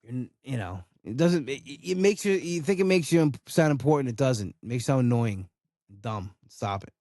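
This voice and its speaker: A man's voice: medium pitch, lively intonation, moderate pace, mellow, dry recording, studio quality. Blunt, swearing man ranting solo. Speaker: podcast host. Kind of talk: casual solo rant.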